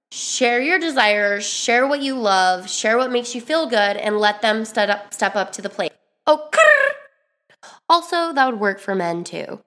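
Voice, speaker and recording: Young woman vlogger with a slightly high, chatty voice, casual and animated. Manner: chatty, animated, lots of fillers. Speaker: dating advice vlogger. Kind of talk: casual advice monologue.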